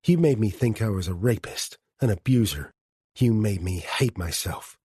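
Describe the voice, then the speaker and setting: A man voicing a grieving man confronting his former partner, tearful, rasping and broken. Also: lowish voice, lively intonation, moderate pace, mellow, no room sound, clean studio sound. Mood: tearful anger.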